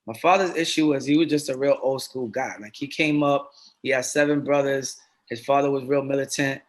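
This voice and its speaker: A man's voice: mid-range voice, fairly even intonation, brisk. A middle-aged man talking earnestly and casually as a podcast guest, streetwise and given to repeating himself. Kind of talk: casual conversation.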